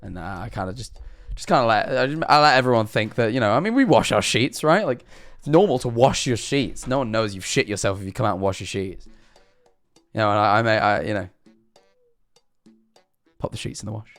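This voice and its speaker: A man's voice: lowish voice, a little fast, a bit bright, no room sound, soft background music. Rambling young man telling a story. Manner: rambling, self-deprecating, frequent restarts and "all right?". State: sore throat, coughing. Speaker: streamer. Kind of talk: casual storytelling to chat.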